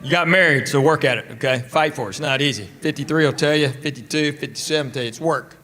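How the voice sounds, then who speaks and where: A man's voice: fairly high pitch, quick pace. A middle-aged man with a Southern American accent, telling stand-up comedy stories in a drawling, conversational way and bantering with the crowd. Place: comedy stage before a live audience. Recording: live stage recording with loud crowd laughter and noise.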